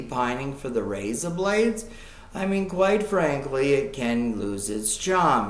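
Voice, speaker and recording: A middle-aged man with a Boston accent in a chatty, digressive monologue to camera, swinging between loud and quiet. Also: medium pitch. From Key West, Florida and Boston area, US. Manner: chatty, digressive, with jumps in loudness. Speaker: vlogger. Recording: echoey room.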